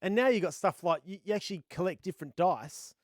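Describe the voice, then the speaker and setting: A man co-hosting a gaming podcast in casual, jokey chat, laughing often, his voice a little rough from the laughter. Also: high voice, fast talker, no room sound, studio quality. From Australia. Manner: jokey, laughs often, bloke-ish banter. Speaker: podcast co-host.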